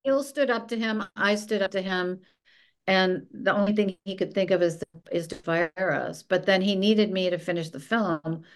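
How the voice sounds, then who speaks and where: A woman with a mid-range voice speaks at a moderate pace as a podcast guest, a former film executive sharing a story. She tells it in a lively way, acting out the dialogue she quotes, in a casual storytelling interview.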